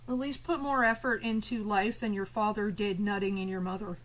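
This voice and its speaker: A woman's voice: medium pitch, fairly even intonation, a little fast, rough recording. A woman streamer ranting live at her chat, swearing and confrontational, with biting sarcasm.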